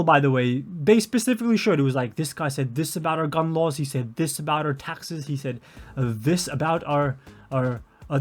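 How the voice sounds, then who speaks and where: A young man with an Australian accent giving rambling, sarcastic, sweary reaction commentary. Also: fairly high pitch. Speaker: commentary streamer.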